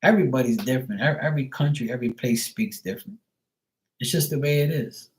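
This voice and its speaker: A man's voice: mid-range voice, fast talker, rough recording. A man from Bermuda with a Bermudian accent, chatting loosely on a live stream, full of "like" and casual swearing. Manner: loose and rambling, heavy on "like", swears freely. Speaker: tarot reader, live streamer.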